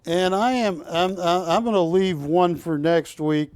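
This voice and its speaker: A middle-aged man calls bids on a live shopping broadcast, drifting into jokes and asides. His voice sits high and moves at an unhurried pace, recorded close and dry in the studio. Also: a little mellow, clean tone, no echo. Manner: chatty, jokey, rambling between bid calls. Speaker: auctioneer host of a shopping show. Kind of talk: live TV auction sales patter.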